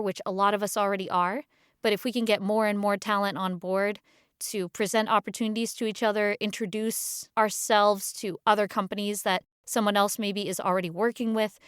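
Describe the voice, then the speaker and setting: Animated woman guest, smooth resonant voice, dry close mic, interview. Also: medium pitch, no echo. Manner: animated, emphatic, acts out her own reactions. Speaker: guest voice actor and audio describer. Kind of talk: conversational interview.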